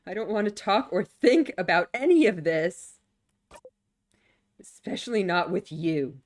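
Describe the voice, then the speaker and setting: A woman's voice: lowish voice, sing-song, unhurried, a little mellow. A woman reading aloud the lines of a flustered, defensive hero in a video game, in a curt, exasperated way.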